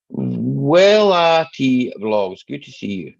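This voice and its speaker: Slow gravelly Scottish man chatting. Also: medium pitch, big pitch swings. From Scotland. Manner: chatty, joking, greets viewers by name. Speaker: live stream host. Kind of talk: casual live chat reading viewer comments. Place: at home. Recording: slightly dull lo-fi live stream audio.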